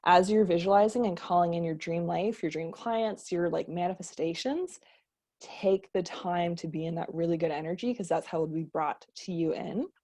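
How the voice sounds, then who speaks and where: A woman's voice: on the low side, moderate pace, warm tone. Chatty woman coach, full of "like". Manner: chatty, filler-heavy with frequent "like", casual swearing. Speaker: business coach. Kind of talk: casual online course lesson.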